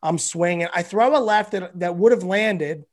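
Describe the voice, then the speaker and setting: Male comedian guest, high-pitched voice, animated and foul-mouthed storyteller. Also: moderate pace. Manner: animated, profane, rambling. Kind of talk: casual storytelling.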